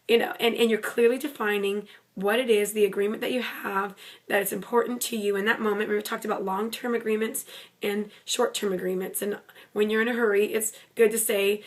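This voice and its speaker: A middle-aged woman giving parenting advice to the camera in a gentle, conversational, reassuring way. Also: mid-range voice, brisk. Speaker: parenting coach. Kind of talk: talking to camera, advice video.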